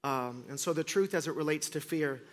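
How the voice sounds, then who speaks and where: A middle-aged man preaching to a church congregation. He tells a story in an animated, self-mocking way, acts out what others said, and slips in deadpan jokes. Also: on the high side, brisk. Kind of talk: storytelling sermon. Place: church stage before a congregation.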